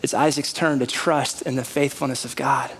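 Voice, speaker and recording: A pastor in his thirties addresses a church sanctuary in a mid-range voice at normal speed. His conversational sermon is animated, marked by mounting emphasis.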